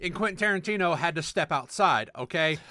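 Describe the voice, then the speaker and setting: A man co-hosting a casual podcast chat, animated and swearing as he argues his points. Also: a little high, quick pace, no room sound, studio quality. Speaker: podcast co-host.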